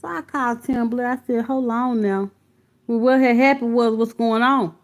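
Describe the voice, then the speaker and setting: A woman with a slightly high voice and flat delivery speaks fairly quickly while hosting a casual stream from her phone or computer. She reads viewer comments, greets people by name, and is blunt and profane, addressing them as honey and baby.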